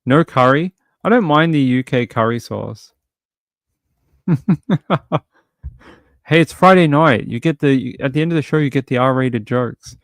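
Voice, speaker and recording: A man hosting a livestream, chatting casually and a little rambling. He reads viewer comments and tosses in playful jokes. His voice sits mid-pitch and sounds close and dry. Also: unhurried, pauses often, no room sound. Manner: chatty and rambling, many fillers and restarts; jokey, playful asides. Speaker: livestream host.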